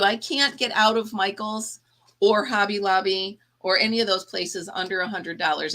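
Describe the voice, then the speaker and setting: A woman's voice: mid-range voice, a bit bright. A woman hosting a casual live chat, tired and yawning, chatty and laughing often as she talks to her viewers. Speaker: livestream host.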